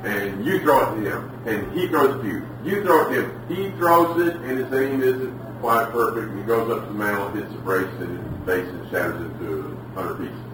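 A man preaching a sermon, telling lively stories and acting out the people in them. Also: lowish voice, normal speed, hardly any pauses, noisy background. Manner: animated storytelling, acts out quotes. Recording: echoey room, from far off.

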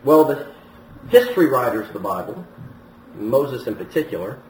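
A man preaches a sermon, retelling a scripture story and lifting his voice on the quoted lines. His voice sits in a middle pitch. The recording is roomy and picked up from a distance. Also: sing-song, moderate pace, a little mellow. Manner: storytelling, with some restarts and raised quoted lines. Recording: roomy, from a distance, faint noise.

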